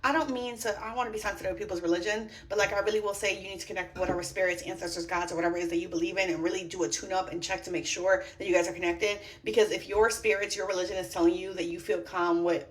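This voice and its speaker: A young woman giving a blunt, profane, animated rant reacting to a reality TV show. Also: on the low side, quick pace, distant mic. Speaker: reality TV commentator.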